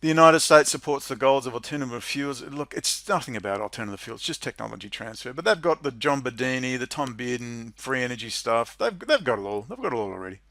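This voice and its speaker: A middle-aged Australian man reads out clauses of legislation and mocks them with biting sarcasm. His voice sits at a mid pitch. It is close and dry, with no room sound. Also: animated, quick pace, few pauses, dry recording. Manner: sarcastic, mocking, swings into loud incredulous laughter. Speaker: political commentator. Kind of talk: monologue reading and commenting on legislation.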